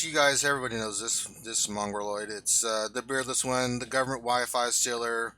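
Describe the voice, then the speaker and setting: Male host, teasing and jokey, very bright voice. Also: medium pitch, a little fast, hardly any pauses, no room sound. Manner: joking, teasing, animated. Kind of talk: casual livestream chat.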